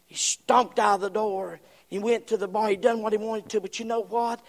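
A man preaching a sermon, impassioned, swinging from shouts to hushed whispers. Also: high voice, steady tone, a little fast, hardly any pauses, in a large hall.

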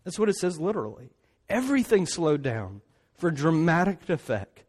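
A man's voice: a little high, very animated, normal speed, darkish tone. A man preaching a sermon in an emphatic way, often tossing in rhetorical asides. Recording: long hall reverb.

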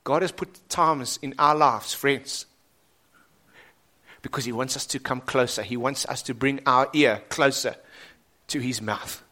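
A man delivers a sermon at a medium pitch and an unhurried pace with long pauses, swinging dramatically between loud and soft. He poses rhetorical questions to the congregation.

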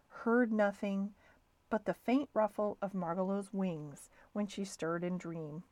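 Woman reading a children's book aloud, expressive, close and dry sound, mid-pitched. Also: no echo. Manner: calm, expressive storytelling. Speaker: storybook reader.

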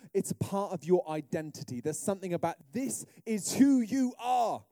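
A middle-aged British man preaching a sermon, telling humorous stories in a lively way. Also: high-pitched, no echo, studio quality. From Britain. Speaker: pastor.

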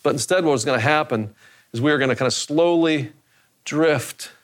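Man, pastor, sermon, conversational, repeats phrases for emphasis, slightly high voice. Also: moderate pace. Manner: conversational preaching with repetitions for emphasis.

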